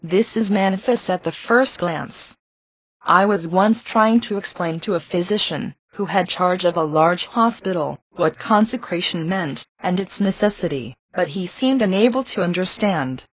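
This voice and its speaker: A woman reading a devotional book aloud in a measured, earnest and reverent way. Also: lowish voice, expressive, husky, no room sound. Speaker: reader. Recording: slightly dull, lo-fi recording.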